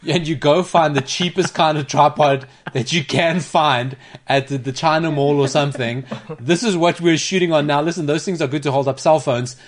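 A man's voice: a little high, moderate pace. A man hosting a sports podcast in a studio, chatting casually and laughing often while he tells stories and explains a game. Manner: animated, laughs often, storytelling. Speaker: podcast host. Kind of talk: casual chat. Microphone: studio microphone.

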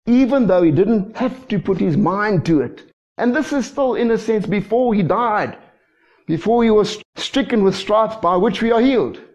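A man preaching a lively sermon as pastor, often checking in with the congregation. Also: sits high, gravelly. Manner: lively preaching with frequent call-and-response asides. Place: church. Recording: dull lo-fi church recording.

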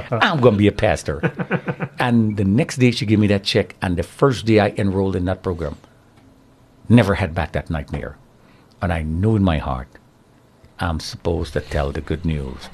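A middle-aged man giving his testimony in an interview, telling it with animated storytelling and a preaching tone. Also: sits low, fairly quick, breathy edge. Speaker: interview guest, survivor.

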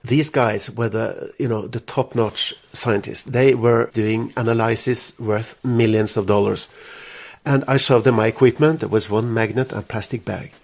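A man with a Norwegian accent tells his story in English, which is not his first language. He sounds earnest and openly moved, and pauses now and then to find his words. His pitch sits in the middle range. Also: steady tone, gravelly. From Norway. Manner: earnest, emotional, halting in English. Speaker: interviewee, jazz musician. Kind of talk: personal storytelling in conversation.

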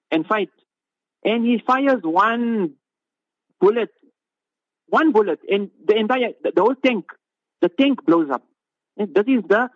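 A man delivers an impassioned religious talk, pressing his points with rhetorical questions and repeated phrases. His voice sits high. It comes through a narrow, phone-like line with a dry, close sound. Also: no room sound. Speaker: Islamic scholar giving a talk.

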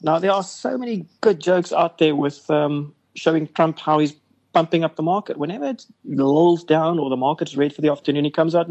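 Chatty businessman, slightly high voice. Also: lively intonation, fairly quick, a little mellow, low-quality recording. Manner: rambling, filler-heavy, chatty. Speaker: investment company CEO guest. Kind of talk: casual radio business interview.

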